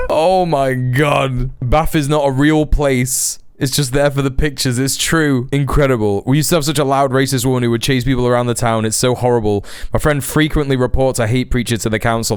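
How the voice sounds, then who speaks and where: A man commentating on clips for his stream, talking in a sarcastic, disbelieving way. His voice comes across smooth and resonant, and the recording is close and dry with no room sound. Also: mid-range voice, no room sound. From United Kingdom. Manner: sarcastic, incredulous, breaks into laughter.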